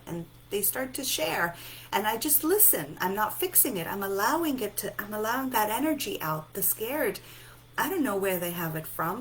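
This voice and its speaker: A sleepy woman giving a gentle self-help talk, softly repeating reassuring affirmations. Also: medium pitch, slight background noise, low-quality recording. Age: adult, a mother. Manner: soft, repetitive, reassuring affirmations. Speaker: self-help and EFT speaker.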